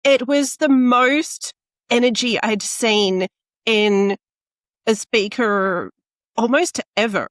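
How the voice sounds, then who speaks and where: A woman's voice: fairly high pitch, takes it slowly, fairly bright tone, no room sound. A woman hosting a podcast interview, talking conversationally into a close microphone. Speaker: podcast host.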